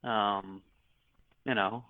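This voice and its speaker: A male podcast guest in casual chat, talking haltingly with many restarts and crude swearing. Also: lowish voice, fairly even intonation, no echo. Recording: dry, phone-like call audio.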